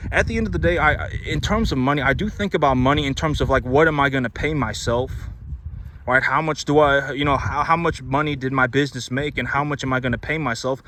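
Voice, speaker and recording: A man's voice: medium pitch, a bit bright, slight background noise. A man, a cattle rancher, speaking in a blunt, lecturing monologue, repeating himself and restarting often. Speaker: cattle rancher and business owner. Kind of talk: casual monologue to camera.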